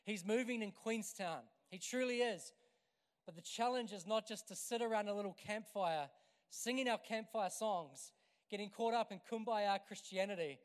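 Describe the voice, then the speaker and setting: A man with a high, smooth and resonant voice preaches an energetic sermon to a church congregation. He builds to loud, emphatic passages, and his voice rings through a hall with a long reverb. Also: normal speed. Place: church hall, evening service.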